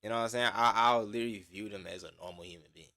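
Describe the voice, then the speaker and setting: A man's voice: on the low side, rapid-fire, bright, forceful tone. A man reacting to a video in casual, slangy and profane chat, full of fillers.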